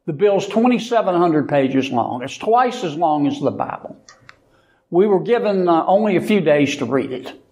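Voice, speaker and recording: A man with a Southern Louisiana accent, speaking as a senator in a deliberate political statement with dry, folksy punchlines. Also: on the high side, darkish tone.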